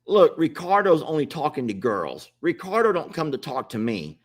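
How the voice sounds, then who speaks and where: A man's voice: on the high side, huge pitch swings, normal speed. A man casually hosting a livestream, chatting and pleading with viewers to join. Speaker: livestream host.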